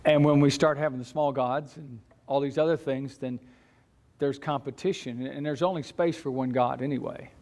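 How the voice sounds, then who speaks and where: A man teaching a church Bible class in a conversational way, with halting restarts and light chuckles. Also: medium pitch, steady tone, a little mellow.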